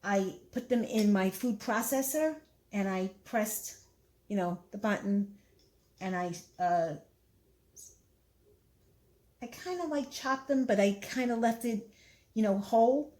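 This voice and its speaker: A woman's voice: mid-range voice, takes it slowly, long pauses, darkish tone, rough recording. A woman with a Brooklyn accent giving a casual, chatty cooking how-to, rambling a little and repeating herself with fillers. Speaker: cooking vlogger.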